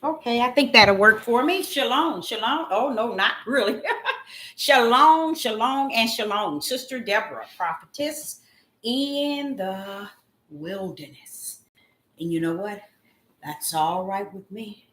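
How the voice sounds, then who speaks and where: A woman in the role of a self-styled prophetess delivers a devotional message at an unhurried pace. Her voice is mid-pitched and she often breaks into loud, drawn-out cries of apology. The room is echoey and sounds like a home recorded on a phone.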